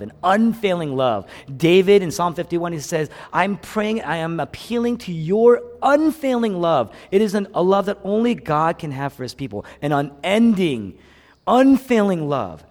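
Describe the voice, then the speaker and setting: A male pastor preaching a sermon with a dynamic delivery that swings from loud exclamations to hushed lows. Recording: long hall reverb.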